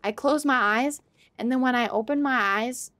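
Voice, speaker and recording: A woman's voice: fairly high pitch, moderate pace, a bit bright. A woman streaming a game live, reacting playfully, swearing and laughing as she talks to her chat. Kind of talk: live gameplay commentary.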